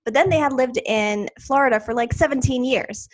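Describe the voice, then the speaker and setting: A woman's voice: sits high, fairly quick. A woman from Long Island, with a faded Long Island accent, co-hosting a podcast in casual, chatty talk and laughing often. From Long Island, New York. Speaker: podcast co-host. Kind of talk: casual chat.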